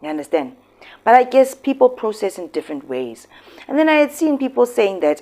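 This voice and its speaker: A South African woman with a fairly low voice and a fairly quick pace hosts casual commentary. She is expressive and emphatic, switching into local words as she talks.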